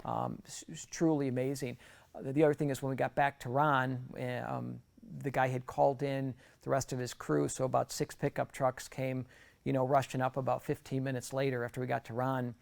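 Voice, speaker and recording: A middle-aged man with a gravelly, crackly edge to his voice tells a personal testimony to a gathering. His delivery is earnest and conversational, with frequent restarts, at a middle pitch. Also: little pitch movement, a little fast. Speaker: guest speaker.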